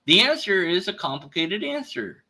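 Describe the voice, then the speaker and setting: This atheist streamer's voice sits high, pushed and bright, with big pitch swings at normal speed. He reads a debate exchange from online and reacts with exasperated ranting. He also performs little scenes, quoting the voices of store clerks.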